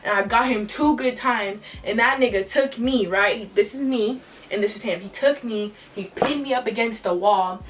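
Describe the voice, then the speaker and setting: A woman's voice: on the high side, normal speed, hardly any pauses, a little hiss or hum. Young woman vlogger, distant mic. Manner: casual, profane, emotional retelling. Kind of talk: storytime retelling.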